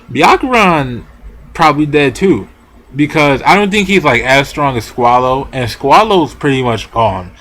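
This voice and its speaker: A young man casually reviewing a manga chapter, talking in an excited, profane, rambling way. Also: fairly high pitch.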